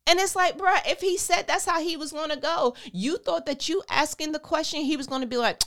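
A woman hosting a faith podcast, reading a Bible passage and then riffing on it in a playful, slangy, animated way. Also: sits high, fairly quick, few pauses. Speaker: podcast host. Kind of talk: Bible reading and casual commentary.

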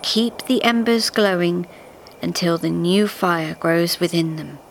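A kindly old Father Time in a storybook tale, speaking low and unhurried with a warm, friendly voice. He drops almost to a hush, gently conspiratorial, as a woman storyteller voices him. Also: fairly even intonation, vocal fry, slight background noise. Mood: gentle. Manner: slow, soft and gently conspiratorial.

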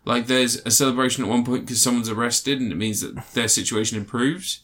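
A man's voice: mid-range voice, fairly even intonation, brisk, fairly bright tone. Rambling man in casual chat. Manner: rambling, hesitant, with many restarts and fillers. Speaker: podcast co-host reviewing a film.

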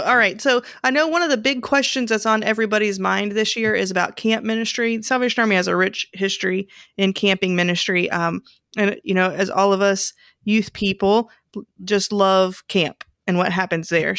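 Podcast host, bright upbeat voice, interviewer, dry sound. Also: mid-range voice, gravelly, dry recording. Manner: upbeat, interviewer asking questions. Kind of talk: casual podcast chat.

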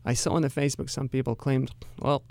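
Gravelly-voiced man. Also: mid-range voice, little pitch movement, quick pace, darkish tone, dry recording. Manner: careful, hesitant, frequent restarts. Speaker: company executive, interview guest. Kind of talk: radio interview answers.

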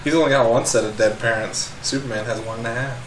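A young man co-hosting a casual podcast chat, tossing out dry, deadpan jokes and teasing his friend. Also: medium pitch, fast talker, a little hiss or hum, low-quality recording. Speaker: podcast co-host.

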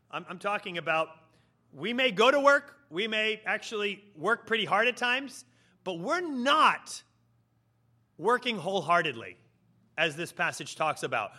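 Animated, bright-voiced male preacher. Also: high-pitched. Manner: animated storytelling, acting out characters' voices. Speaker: pastor. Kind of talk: sermon.

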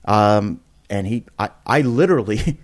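An unhurried male guest on a podcast spins a story casually and animatedly. Restarts and repeated words come often, and when he acts out quotes his pitch swings widely.

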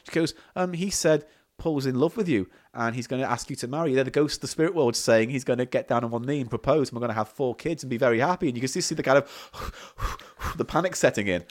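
A man's voice: mid-range voice, quick pace. A man co-hosting a comedy podcast, swearing freely as he tells an anecdote with lots of laughter. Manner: sweary, storytelling, laughs often. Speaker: podcast co-host. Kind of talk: casual comedic chat.

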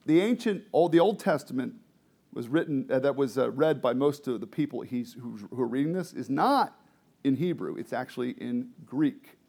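A man's voice: mid-range voice, darkish tone. A man teaching a Bible study to a group, explaining the text and asking the group questions.

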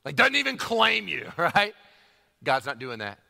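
A man preaching a sermon, emphatic and animated, repeating phrases for emphasis. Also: on the high side, a little slow, creaky. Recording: long hall reverb.

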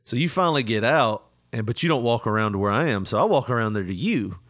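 A man's voice: medium pitch, lively intonation, quick pace, fairly bright tone. A middle-aged man hosting a casual chat, telling a long story with frequent laughter and quoted lines. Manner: laughing often, retelling with quoted voices.

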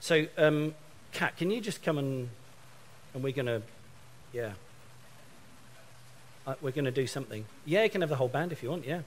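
A middle-aged man from England delivers a sermon in an animated storytelling way. He slips into other people's voices as he acts out phone conversations. His voice sits at an ordinary pitch for a man. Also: normal speed, long pauses. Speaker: preacher.

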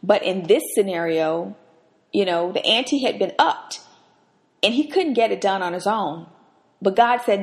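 A woman's voice: medium pitch, normal speed. A woman hosting a podcast, giving an earnest, emphatic devotional Bible teaching. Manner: earnest, emphatic, rises sharply when acting out quotes.

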